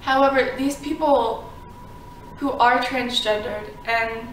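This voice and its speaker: Woman vlogger rambling thru a story, lots of likes and ums, kinda high voice, echoey room w faint hum. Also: slow pace, fairly bright tone. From Florida. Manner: chatty, filler-heavy with frequent "like" and "um". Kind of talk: casual storytelling to camera. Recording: roomy sound, mic at a distance.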